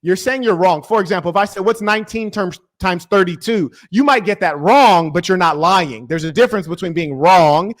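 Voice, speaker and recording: A man's voice: high voice, normal speed, hardly any pauses, no echo, studio quality. A man hosting a heated live-stream debate, insistent and lecturing, repeating his demands. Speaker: debate host.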